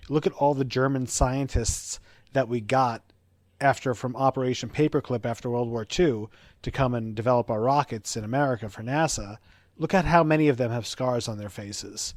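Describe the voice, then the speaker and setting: A man's voice: mid-range voice, normal speed, no echo, studio quality. A male podcast co-host in casual chat, opinionated and prone to going off on tangents.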